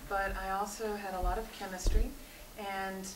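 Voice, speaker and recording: A woman from Tennessee, a mock graduate applicant, giving earnest answers with filler pauses. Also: mid-range voice, little pitch movement. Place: seminar room. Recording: roomy, distant, noisy room recording.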